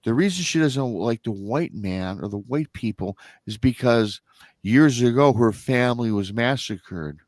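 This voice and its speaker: A middle-aged man from Michigan, appearing as a guest on a live stream, rambles through a family story, restarting often and acting out what his relatives said. His mid-range voice is expressive and measured in pace, with no echo.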